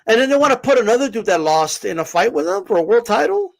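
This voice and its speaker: A man's voice: high voice, sing-song, quick pace, vocal fry. A man co-hosting a boxing podcast, ranting in a heated, profane way with lots of restarts. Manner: fired up, profane, many restarts. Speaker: podcast co-host. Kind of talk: heated casual boxing talk.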